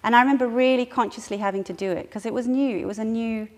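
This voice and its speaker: A woman's voice: a little high, fast. A middle-aged woman sharing a personal anecdote in a training talk, acting out what people said and laughing often. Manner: lively storyteller who acts out quotes and laughs often. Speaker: staff trainer. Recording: echoey hall with faint noise.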